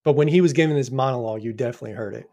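A man's voice: mid-range voice, very fast, dark tone. A man co-hosting a podcast, chatting about a film in an easygoing way with frequent restarts. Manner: easygoing, hesitant restarts, laughs along. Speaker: podcast co-host. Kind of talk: casual movie discussion.

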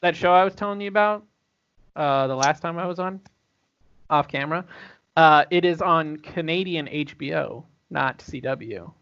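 A young man chatting casually on a podcast, animated and swearing, laughing as he tells his stories. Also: fairly high pitch, moderate pace. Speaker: podcast guest. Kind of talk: casual chat. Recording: dull lo-fi sound.

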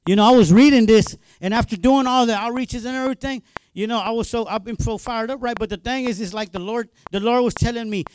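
A male minister preaching a sermon in a colloquial, excitable way, repeating words as he gets fired up. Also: extremely high pitch, normal speed, a little hiss or hum.

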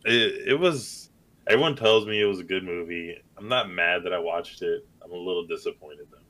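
A man's voice: low voice, normal speed, bright, forceful tone. A man in casual chat, wry and swearing freely as he quotes movie characters.

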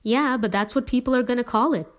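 A woman's voice: fairly high pitch, a little fast, voice pushed up, natural voice. A woman voicing a wry, pedantic teenage boy who enjoys teasing his father in a family story. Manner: teasing, amused.

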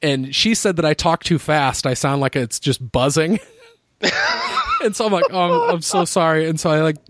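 A man's voice: a little high, lively intonation, normal speed, no room sound, studio quality. A young man telling a travel story in casual chat, rambling and swearing, laughing often. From United States. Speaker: podcast co-host.

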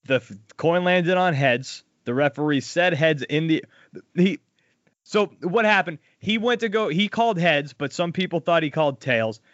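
A man hosts a casual sports talk show, running through scores in a blunt, animated way. His voice sits a little high, and the sound is dry, close and slightly dull and lo-fi. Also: normal speed, no echo. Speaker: podcast co-host.

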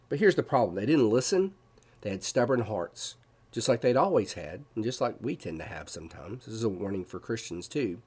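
A man's voice: fairly low pitch, lively intonation, brisk, darkish tone, husky. A man giving a devotional Bible teaching, explaining verses and asking his listeners questions.

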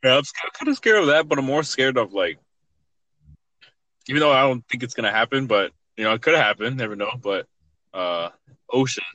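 A young man with a bright, forceful voice chats casually, swearing freely. He often stumbles and restarts mid-sentence, with an everyday mid-range pitch. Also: animated, dry recording, dull audio. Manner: swearing, halting with restarts and laughs. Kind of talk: casual chat.

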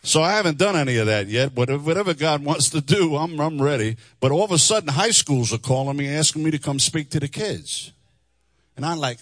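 Animated preacher man, dry sound. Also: a little high, fairly quick, dry recording. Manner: animated, singing phrases, laughing asides. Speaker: chaplain and preacher. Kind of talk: testimony sermon with sung lines. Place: church hall before a congregation.

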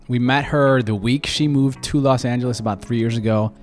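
A man's voice: mid-range voice, fairly even intonation, brisk, faint music behind. A man hosting a podcast, reading sponsor spots and bantering with his co-host. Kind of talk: casual chat and ad read.

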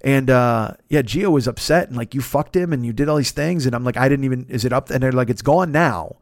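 A man's voice: mid-range voice, a little fast, no room sound, studio quality. A man in his fifties hosting a comedy podcast, telling a long story in a casual, profane way, full of restarts and self-interruptions. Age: 50s.

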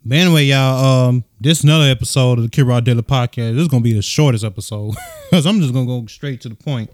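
A young man hosting his own casual solo podcast, talking softly and rambling with slang, swearing and lots of fillers, recorded on a USB microphone into his phone. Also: fast talker, no room sound, clean studio sound. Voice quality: soft, low-key voice. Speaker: podcast host.

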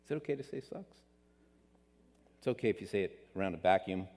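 A man preaching a sermon as pastor, animated, climbing in pitch for emphasis and acting out what people say. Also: brisk. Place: church sanctuary. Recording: long reverb of a sanctuary.

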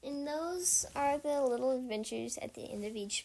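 A woman's voice: high voice, moderate pace, gravelly, very noisy. A woman podcast host wrapping up an episode in a friendly, plain way. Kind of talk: podcast sign-off.

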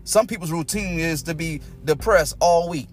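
A man preaching a sermon, folksy and repetitive, swinging from loud exhortation to low, close talk. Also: normal speed. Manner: folksy, repeats phrases, speaks in tongues.

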